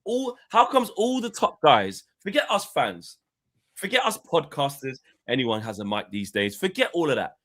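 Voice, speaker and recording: A man's voice: fairly high pitch, very animated, moderate pace, fairly bright tone. A man co-hosting a casual live football chat. He swears freely and acts out players' rants. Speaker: football podcast co-host.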